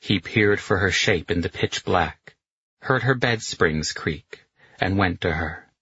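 Deep husky male audiobook narrator. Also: slow, pushed and bright, no echo, lo-fi sound.

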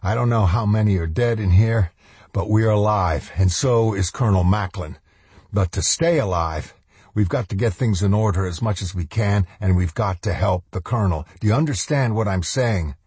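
A man gives voice to a battered, hunched soldier, gruff and commanding, who swears freely and keeps pressing the listener to act. His voice sits low and dark. The room around him is dry and close. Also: moderate pace, no echo. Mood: urgent. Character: wounded hunched middle-aged military man, blunt, urgent.

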